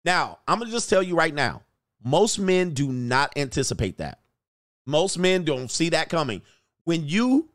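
Laughing, animated male livestream host. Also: on the high side, slow pace, long pauses, no room sound, clean studio sound. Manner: laughs often, loose and animated, acts out quoted voices. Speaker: livestream host reading chat comments. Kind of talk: casual livestream chat.

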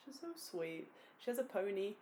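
This young woman chats casually as a podcast co-host. She tells her stories with a giggle and pokes fun at herself. Her voice sits at a middling pitch for a woman. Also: expressive, normal speed, noisy background. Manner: giggly, storytelling, self-mocking. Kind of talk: casual chat.

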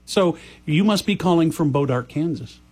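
A man's voice: on the high side, expressive, normal speed, darkish tone. A man hosting a call-in radio swap show, folksy and stammering when flustered. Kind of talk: casual call-in radio chat.

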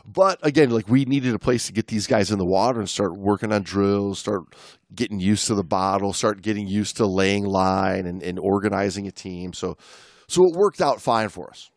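A man's voice: on the low side, normal speed, a little mellow, no echo, clean studio sound. Rambling, laughing male podcast co-host. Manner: rambling, laughing storyteller with many restarts. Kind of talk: casual chat.

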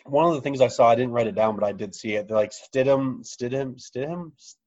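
A man's voice: lowish voice, racing. A man co-hosting a podcast in casual chat, joking and swearing as he tells stories. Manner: joking, profane, laughs through stories. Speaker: podcast co-host. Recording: dull lo-fi audio.

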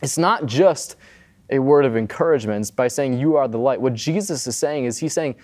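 A pastor giving a casual, conversational sermon, often checking in with the listener. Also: male voice, mid-range voice, moderate pace, a little mellow. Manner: conversational, often adds "right?".

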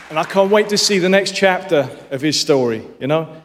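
A British man in a large awards hall gives an acceptance speech in a slightly raised pitch. He keeps stopping on "uh" and restarting. Long hall reverb and a crowd murmur sit behind him. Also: animated, background noise. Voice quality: halting, full of "uh" fillers. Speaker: award winner.

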